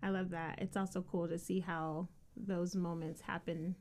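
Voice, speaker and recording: A woman's voice: on the low side, level tone, moderate pace, darkish tone. Chatty woman hosting a faith podcast. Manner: chatty, with frequent fillers and restarts. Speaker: podcast host. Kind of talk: casual faith podcast chat.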